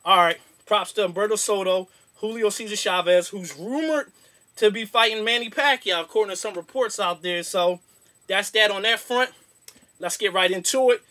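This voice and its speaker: A man's voice: high-pitched, bright, forceful tone. A young man hosting a boxing show, giving a casual, slangy, rambling rant.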